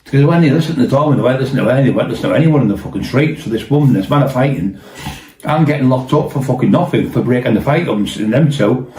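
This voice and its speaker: A man's voice: mid-range voice, expressive, racing, darkish tone. A man telling a rambling anecdote in a casual way, swearing a lot and acting out what people said. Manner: rambling, heavy swearing, acts out quotes. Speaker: storyteller host. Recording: roomy echo.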